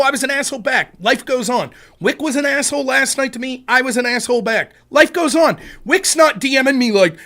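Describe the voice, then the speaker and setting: A man's voice: extremely high pitch, big pitch swings, brisk, sharp tone. A man hosting a political live stream, ranting in a profane, combative, sarcastic way. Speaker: livestream political commentator.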